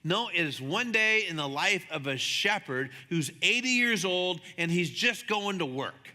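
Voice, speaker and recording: A man preaching a sermon as a pastor, chatty and animated, acting out the voices in his stories. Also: measured pace, hardly any pauses. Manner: conversational, animated, acts out dialogue with shifting pitch. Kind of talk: sermon with storytelling. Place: church sanctuary. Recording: long hall reverb.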